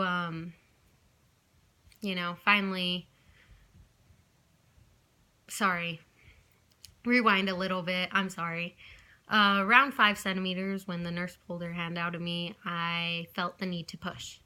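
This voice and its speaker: A woman's voice: fairly low pitch, bright, forceful tone, smooth. A woman in her twenties telling a personal story to camera in a casual, rambling way, often apologizing and backtracking. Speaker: vlogger.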